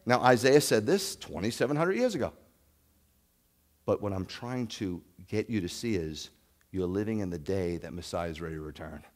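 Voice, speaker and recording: A man preaching a sermon as a rabbi, animated, with rhetorical questions and loud scripture reading. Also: on the low side, normal speed, in a large hall. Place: congregation sanctuary.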